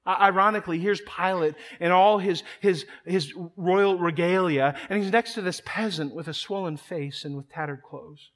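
A man delivers a sermon with emphatic conviction, doubling his words as he presses each point. His voice sits high for a man. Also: normal speed, few pauses, fairly bright tone. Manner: emphatic preaching, repeats words when building a point. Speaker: pastor.

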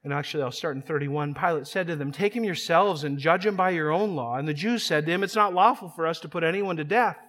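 A man's voice: fairly high pitch, fast talker, hardly any pauses, a bit bright. A man preaching a sermon, emphatic and repeating words as he builds each point. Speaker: pastor.

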